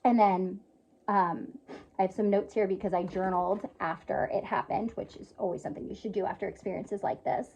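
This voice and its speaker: Speaking fairly quickly in a mid-range, slightly mellow voice with fairly even intonation, this young woman earnestly recounts a personal story vlog-style, full of emotion and filler words. She works as a yoga teacher and spiritual healer. There's slight background noise, and the lo-fi audio is a bit dull.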